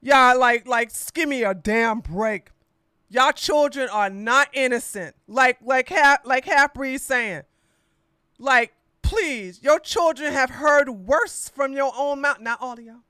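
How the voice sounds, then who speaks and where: A woman runs her political podcast in a casual, slangy rant, blunt and mocking as she talks straight at her listeners. Her voice sits a little high and rings bright and forceful. The sound is close and dry, with no room around it. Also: takes it slowly, clean tone, no room sound. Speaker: podcast host.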